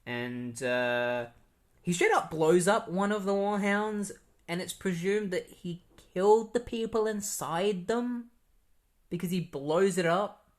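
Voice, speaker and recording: A man's voice: sits high, takes it slowly. A man who lives in Australia, hosting a podcast, giving a rambling, sarcastic comic-book recap full of fillers. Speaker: podcast host.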